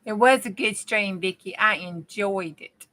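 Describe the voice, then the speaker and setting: Her mid-range voice sounds pushed and bright, and she speaks a little slowly over poor audio. She's a Southern US country-accented crafting host, chatting to viewers mid-project and clipping her words as she picks up steam.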